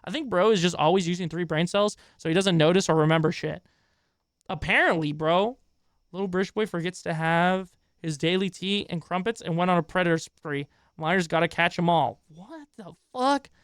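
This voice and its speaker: A man's voice: sits high, a little fast, clean tone, no room sound, studio quality. A man streaming a reaction video, ranting in an exasperated, profane way and chatting with his viewers in between. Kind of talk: live-stream reaction commentary.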